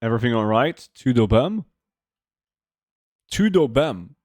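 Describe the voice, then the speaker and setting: A man's voice: mid-range voice, lively intonation, unhurried, a little mellow, no echo, studio quality. A man streaming a game, chatting and joking casually with his viewers and reading their messages aloud. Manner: rambling, joking, reads chat aloud. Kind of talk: casual livestream chat with viewers. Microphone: desk microphone.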